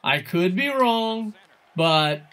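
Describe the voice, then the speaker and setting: A man streaming a video game, chatting casually with viewers in an excitable, rambling way, swearing often and poking fun at himself. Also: sits high, drawn-out words. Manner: excitable, rambling, swears a lot, self-mocking. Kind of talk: casual live-stream chat while gaming.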